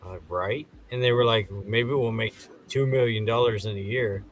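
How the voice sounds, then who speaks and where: A man's voice: fairly low pitch, moderate pace, a little hiss or hum. A man co-hosting a casual movie review podcast, cutting in with jokes and trivia asides. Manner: joking, interjecting with trivia asides. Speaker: podcast co-host.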